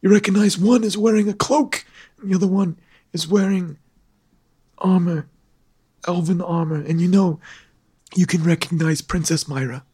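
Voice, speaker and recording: A man runs a tabletop game as its game master, cracking self-mocking jokes between rulings. His voice sits high for a man and has a husky, slightly breathy grain. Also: fairly even intonation, normal speed, pauses often, warm tone.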